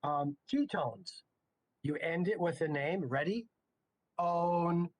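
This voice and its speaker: A man's voice: a little high, animated, a little slow. Joking, chatty male chemistry teacher. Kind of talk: casual lecture.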